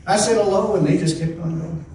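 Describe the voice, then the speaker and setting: Man, pastor, folksy sermon, chatty restarts, slightly high voice, very echoey hall, distant mic. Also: brisk, warm tone, a little hiss or hum. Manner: conversational, repeats and restarts, folksy exclamations.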